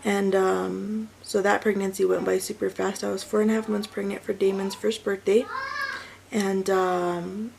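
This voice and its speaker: A woman's voice: medium pitch, level tone, normal speed, gravelly, darkish tone, a little hiss or hum, poor audio. A woman in her thirties, a mother and vlogger, casually telling a personal story and correcting herself as she goes. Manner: chatty, self-correcting, rambling with fillers.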